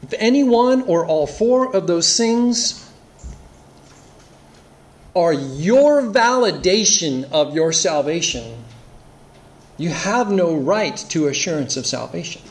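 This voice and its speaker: A man's voice: fairly high pitch, lively intonation, takes it slowly, pauses often. A man preaching an earnest expository sermon, reading scripture aloud and explaining it. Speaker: pastor.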